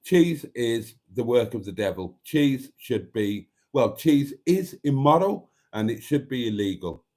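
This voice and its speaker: A man's voice: mid-range voice, big pitch swings, a little slow, dark tone. A man hosting a casual live stream, reading out viewer comments in a chatty, wry and self-mocking way.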